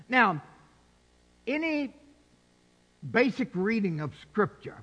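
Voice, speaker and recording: High-voiced preacher in a reverberant hall. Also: male voice. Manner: emphatic, swells to shouted peaks. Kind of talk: sermon.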